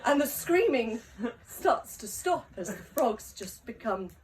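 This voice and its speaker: A woman telling a story to a live gathering, taking her time and often breaking into laughter mid-sentence. She speaks very slowly and is heard from a distance. Faint noise hangs in the background. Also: on the high side, big pitch swings.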